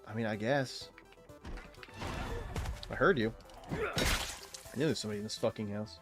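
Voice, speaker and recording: A man's voice: on the low side, sing-song, a little slow, over music. A man live-streaming a game, chatting casually with viewers in a rambling, self-interrupting way, laughing often and swearing freely. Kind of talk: casual chat with viewers while gaming.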